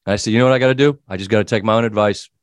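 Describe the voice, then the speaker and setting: A man's voice: on the low side, racing, no echo. Middle-aged man telling a story, dry sound. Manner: animated storyteller, quoting himself and others. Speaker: sports show host. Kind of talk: casual storytelling chat.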